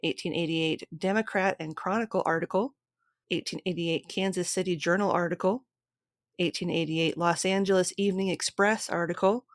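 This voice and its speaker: A woman's voice: lowish voice, fairly even intonation, moderate pace, no room sound, clean studio sound. A woman hosting a podcast, steadily reading from a script and long lists of sources. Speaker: podcast host.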